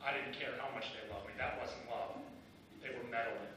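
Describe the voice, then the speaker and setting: A man's voice: mid-range voice, fairly even intonation, moderate pace, noisy background. A middle-aged man giving a candid personal speech at a benefit dinner, telling his story with insistent, rising bursts. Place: large banquet hall. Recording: echoey banquet hall, voice from a distance.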